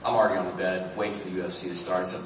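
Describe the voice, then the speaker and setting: A man telling profane, animated comic stories as a guest on a convention panel, often breaking into laughs, recorded in a large hall. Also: low-pitched, very fast. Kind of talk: comic anecdote storytelling. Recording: echoey hall miked from far, noisy.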